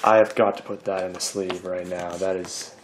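A man hosting a casual card-opening video, chatty and excitable as he reads out card names. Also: low voice, moderate pace, very noisy.

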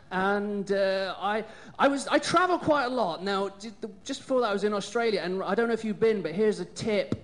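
A male stand-up comedian from Somerset, England, performing a crude, swearing, crowd-baiting set on a comedy club stage. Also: high voice. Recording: live club with loud crowd and noise.

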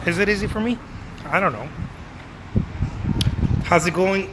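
In a grocery store, a painter who runs an art studio chats with viewers on a casual live video, his voice sitting high at a measured pace with long pauses and background noise. He rambles in a laid-back way, tossing in swears and calling people man and dude.

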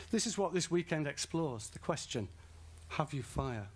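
Man, northern english accent, festival preacher, higher voice, very lively pitch. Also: moderate pace, slightly rough. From northern England. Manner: animated, comic storytelling. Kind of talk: sermon with storytelling. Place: large festival tent or hall.

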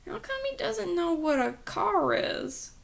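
A woman voicing a puzzled male police officer who muses out loud about a strange boy. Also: very high-pitched, expressive, measured pace, gravelly, voice pushed up, full character voice.

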